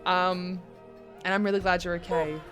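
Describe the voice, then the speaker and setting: A woman's voice: fairly low pitch, little pitch movement, moderate pace, a bit bright. A young woman game streamer chatting casually and rambling to her viewers, with plenty of ums. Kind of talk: casual live-stream chat. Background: faint background music.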